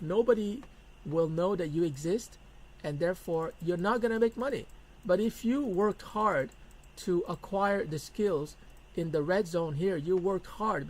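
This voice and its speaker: A man's voice: sits high, poor audio. A middle-aged man teaching a business lesson in a blunt, emphatic way, repeating his key points. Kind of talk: lecture to camera.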